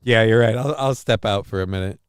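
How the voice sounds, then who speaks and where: On his relaxed live-stream talk show, the host sounds worn out and fuzzy as he rambles, chats with viewers, and reads news items aloud. His voice is lowish and brisk, and there's a little hiss or hum in the recording.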